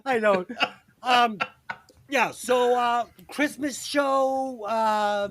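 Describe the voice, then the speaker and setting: A man's voice: very high voice, extremely slow, a bit bright. A man hosting a podcast, joking crudely and laughing often. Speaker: podcast host. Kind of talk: casual podcast banter.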